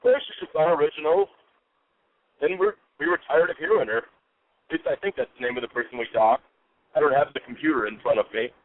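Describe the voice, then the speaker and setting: A man's voice: on the high side, fairly quick. Contemptuous male radio caller on a phone line. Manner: contemptuous, hostile. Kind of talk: call-in talk radio. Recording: phone line with faint noise.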